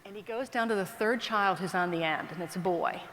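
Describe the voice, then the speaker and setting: Woman keynote speaker, anecdotal storyteller, mid pitch, long hall reverb with faint background noise. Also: a little fast. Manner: animated anecdotal storytelling with asides. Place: large conference hall.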